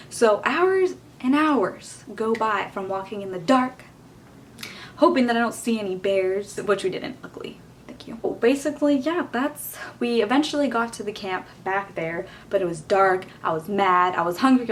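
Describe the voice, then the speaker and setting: A woman's voice: medium pitch, normal speed, slight background noise. A young woman vlogger telling a storytime in a casual, exasperated way, filling her talk with "like" and "you know.". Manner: casual, exasperated, heavy use of "like". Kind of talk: storytime vlog.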